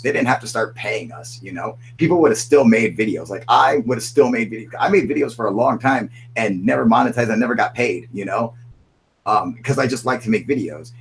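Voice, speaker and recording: Low-voiced profane man on a livestream. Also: vocal fry, slight background noise, low-quality recording. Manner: profane, rambling, frequent "dude" and laughter. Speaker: host. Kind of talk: casual livestream chat.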